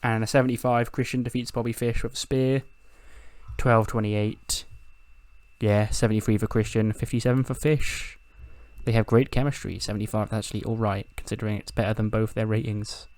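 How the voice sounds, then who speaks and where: Low-voiced man narrating a game playthrough. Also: flat delivery, brisk, darkish tone, no room sound. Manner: acts out quoted lines in playful put-on voices, laughs often, swears. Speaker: game series host. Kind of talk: casual let's-play narration.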